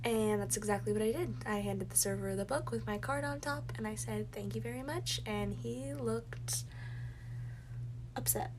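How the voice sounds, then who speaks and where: A woman telling a story about a bad date to the camera, with a lively, indignant manner. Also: on the high side, normal speed, background noise.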